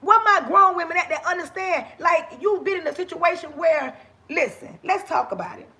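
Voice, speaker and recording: A woman hosting a casual livestream from her kitchen, talking to viewers in an animated, preachy way. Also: extremely high pitch, normal speed. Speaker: livestream host. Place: home kitchen.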